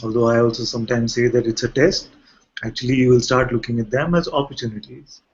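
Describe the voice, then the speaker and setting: A man's voice: medium pitch, fairly even intonation, fast talker, slightly rough. A man who is a spiritual teacher, giving a conversational talk to a gathering and often asking rhetorical questions. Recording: muffled lo-fi recording.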